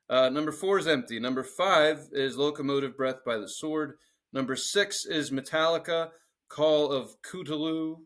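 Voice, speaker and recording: A man's voice: fairly high pitch, normal speed, fairly bright tone. A man co-hosting a podcast in casual chat, joking crudely as he reads out a song list. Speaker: podcast co-host.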